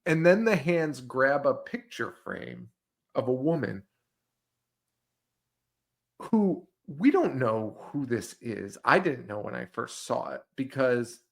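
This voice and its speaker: Man, podcast co-host, gravelly voice, mid pitch, jokey, laughs a lot. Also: big pitch swings, takes it slowly. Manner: joking, laughs often, acts out silly quotes. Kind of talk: casual movie-review chat.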